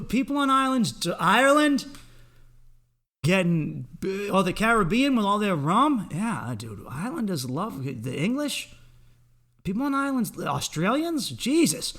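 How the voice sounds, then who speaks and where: A man's voice: sits high, very animated, measured pace, a bit bright. A young man hosting a podcast, delivering a rambling, profane comic pep talk straight at the listener. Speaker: podcast host.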